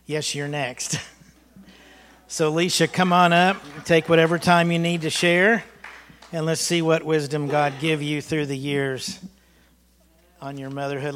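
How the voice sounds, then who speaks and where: A man's voice: fairly high pitch, a bit bright, a little hiss or hum. A man, a pastor, telling folksy stories about his mother during a church service. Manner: folksy, storytelling, chuckling. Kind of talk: personal remembrance in a church service.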